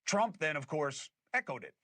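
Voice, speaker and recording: A male host delivering political commentary in a forceful, bright voice pitched a little high. He argues emphatically and lays things out in plain language. The sound is dry and close. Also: very animated, moderate pace, no echo. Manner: argumentative, emphatic, explains in plain terms.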